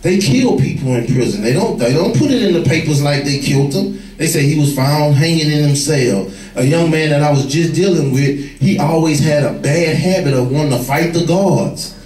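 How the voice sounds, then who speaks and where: A former gang leader telling street stories to young people, vivid and plain-spoken. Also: male voice, fairly high pitch, expressive, moderate pace, hardly any pauses, a little mellow. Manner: vivid storyteller, acts out quoted voices. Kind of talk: storytelling talk to a room. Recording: echoey room, far from the mic.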